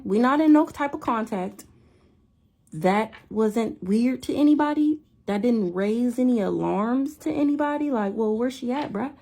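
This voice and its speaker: Young adult woman, husky, animated storytime rant. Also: on the high side. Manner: animated, incredulous, repeats herself. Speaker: vlogger.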